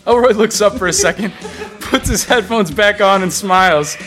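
A man reads the scene directions of a comic audio drama, amused and laughing as he goes. His voice sits on the high side. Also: expressive, normal speed, fairly bright tone, soft background music. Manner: amused, laughing through lines. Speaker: scene narrator. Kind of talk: reading stage directions.

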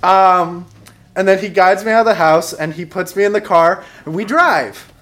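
A man's voice: high-pitched, moderate pace, fairly bright tone. A young man telling a funny personal story on stage, wry and self-mocking, laughing along as he talks. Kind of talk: stand-up storytelling.

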